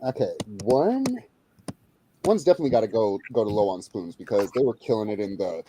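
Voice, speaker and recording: Husky, dark-voiced man on a panel. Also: lowish voice, animated, a little fast, no echo, low-quality recording. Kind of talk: casual livestream panel chat.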